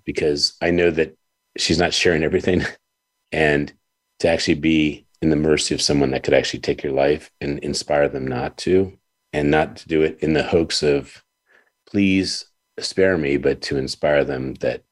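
A man with an extremely low, deep voice hosts an interview show. He talks in an earnest, halting way, often starting over and repeating words. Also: fairly even intonation, slightly rough. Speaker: radio show host.

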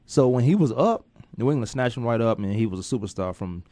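Mellow-voiced joking male sports radio host. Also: medium pitch, lively intonation, fast, no echo. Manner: playful, joking, loose slangy talk. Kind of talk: casual sports radio chat.

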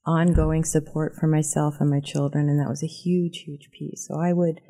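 Creaky, dark-voiced woman guest. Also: low-pitched, little pitch movement, moderate pace. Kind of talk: casual group talk.

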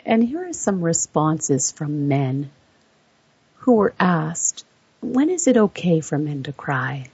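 A woman narrating an explanatory voice-over, measured and setting out facts point by point. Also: deep voice, big pitch swings, darkish tone, slightly rough, dry recording. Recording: dull lo-fi dry recording.

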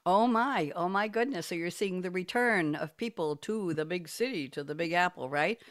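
A woman's voice: lowish voice, normal speed. A woman hosting an interview show, chatty and playful, laughing now and then as she introduces her guests. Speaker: podcast host.

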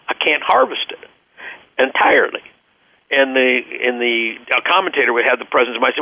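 A man's voice: mid-range voice, expressive, brisk, no room sound. A man giving an earnest radio interview over the phone, telling stories and often repeating words as he searches for them. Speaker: interview guest, business leader. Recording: dry, tinny phone line.

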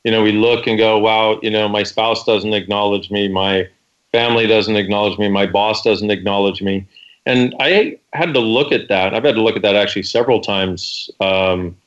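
A man's voice: fairly low pitch, fairly even intonation, moderate pace, muffled recording. A man co-hosting a call-in talk show, telling stories and acting out quoted lines. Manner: storytelling, acts out quotes. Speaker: co-host.

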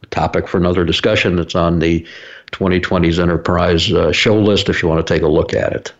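A man's voice: low-pitched, steady tone, fairly quick, lo-fi sound. A man hosting his own broadcast, telling a story in a rambling way with lots of fillers and restarts. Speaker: broadcast host. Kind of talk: casual explanatory monologue.

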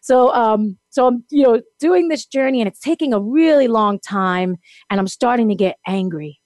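A woman telling a long personal story in casual chat, animated and laughing often as she acts out what people said. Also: on the high side, normal speed, no room sound, clean studio sound. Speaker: guest.

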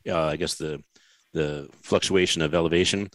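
A man's voice: rumbling low, fairly even intonation, normal speed, no room sound. A man hosting an interview, enthusiastically steering his guest toward stories. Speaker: podcast host. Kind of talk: casual interview talk.

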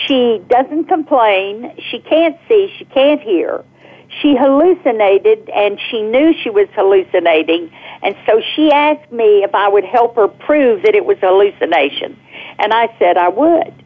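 A middle-aged woman calling in to a radio talk show, telling a personal story with animated energy and laughing as she goes. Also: medium pitch, a little slow. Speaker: caller guest. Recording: tinny phone line.

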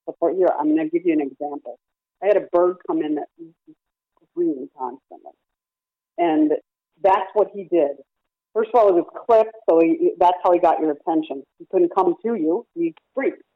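A woman's voice: on the low side, animated, moderate pace, dry recording. A woman who runs a parrot rescue, explaining her training at length with examples in a phone-in radio interview. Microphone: telephone. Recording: tinny dry phone line.

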